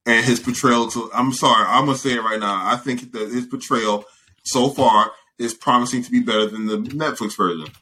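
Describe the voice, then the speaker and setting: Bright-voiced, stammering male co-host. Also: medium pitch, steady tone, brisk. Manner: enthusiastic, stammers and repeats words. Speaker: podcast co-host. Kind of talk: casual chat.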